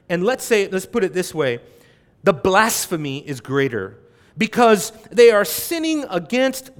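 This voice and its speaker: A middle-aged male preacher delivering an expository sermon, moving from quiet reflection to loud, emphatic exhortation. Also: high voice.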